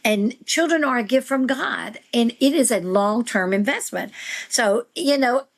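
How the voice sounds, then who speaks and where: A woman's voice: on the high side, animated, unhurried. A woman who is a guest on a podcast, speaking in an earnest, encouraging way as a veteran homeschool mom. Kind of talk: podcast conversation.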